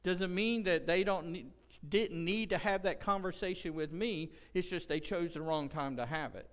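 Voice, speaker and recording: A male pastor delivers an impassioned sermon in a church, his high voice rising loud whenever he acts out a quote. His tone is smooth and resonant. The sound carries a long hall reverb around him. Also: normal speed. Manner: impassioned preaching, rising loud when quoting. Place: church sanctuary.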